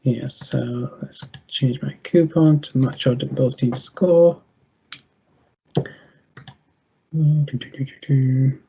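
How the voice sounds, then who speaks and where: A young man giving betting tips over a video call, thinking aloud in a halting way with many fillers and restarts. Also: mid-range voice, fairly even intonation, vocal fry, mellow, lo-fi sound, slight background noise. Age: young adult. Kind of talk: thinking aloud while clicking through a screen.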